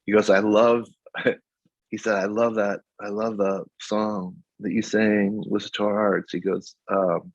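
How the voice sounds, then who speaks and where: Man in his fifties, husky and deep, animated guest storyteller, dull lo-fi recording. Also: a little slow, no echo. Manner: animated storyteller, laughs often. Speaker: guest songwriter. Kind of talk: casual interview. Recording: dull lo-fi audio.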